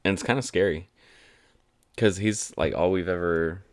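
A man's voice: deep voice, moderate pace, no room sound, studio quality. A man in his twenties giving an enthusiastic, chatty fan's take on football. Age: 20s. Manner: chatty, enthusiastic fan rambling. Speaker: sports commentator. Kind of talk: casual sports talk monologue.

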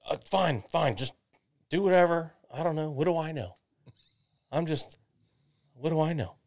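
A man's voice: fairly low pitch, a little fast, clear, resonant tone, dry recording, lightly acted. A man imitating his stubborn, dismissive older father in a raised, exasperated voice. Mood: grumbling.

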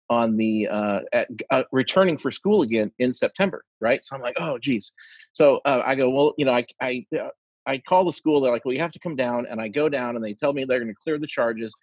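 A man with a husky voice tells a long funny story to friends, acting out each quoted line. His voice sits at a middling pitch. The recording is dull and dry. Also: dry recording. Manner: animated anecdote teller, acts out quoted lines.

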